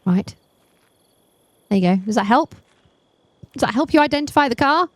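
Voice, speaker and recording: A woman's voice: fairly high pitch, expressive, normal speed, no room sound. A woman playing a murder mystery game as a streamer, chatting casually with a self-deprecating humor. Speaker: let's play streamer.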